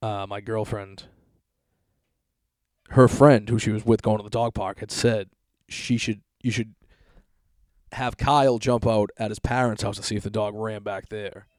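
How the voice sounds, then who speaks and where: A man's voice: on the low side, steady tone, measured pace, long pauses, a little mellow, no echo, studio quality. A man telling a long story in a casual, profane, rambling way.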